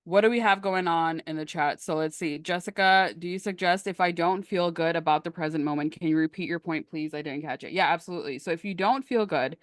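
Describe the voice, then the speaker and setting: A woman coaching on a live stream in a lively, emphatic, conversational way, answering questions from the chat. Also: fairly low pitch, brisk, few pauses, dry recording, clean studio sound. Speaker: manifestation coach.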